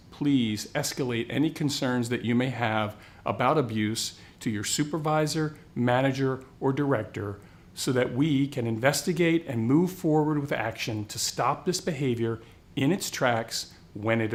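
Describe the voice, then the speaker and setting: A man's voice: mid-range voice, a little slow. A man giving a formal, earnest scripted address to hospital colleagues. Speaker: hospital executive.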